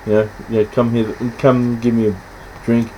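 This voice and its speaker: A man's voice: medium pitch, level tone, mellow, slight background noise, poor audio. Rambling man chatting about films. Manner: rambling, halting, many restarts and fillers; acts out scenes in quick quoted voices. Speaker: podcast host. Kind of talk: casual film chat.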